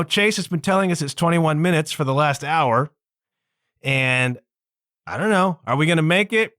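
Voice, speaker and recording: A man telling a rambling road-trip story on his podcast, his voice swooping up and down as he exclaims and drags out words for effect. The tone sits a bit high for a man and sounds close and dry, with no room around it. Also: dry recording. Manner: animated, exclaiming, drawn-out words for emphasis. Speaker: podcast host. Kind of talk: casual storytelling monologue.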